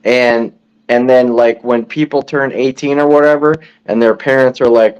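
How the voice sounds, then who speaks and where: A man's voice: mid-range voice, fairly even intonation, normal speed, darkish tone, clean tone. A man co-hosting a podcast, talking reflectively and rambling, repeating words as he works out his point. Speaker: podcast co-host. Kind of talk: casual chat. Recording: dull lo-fi sound.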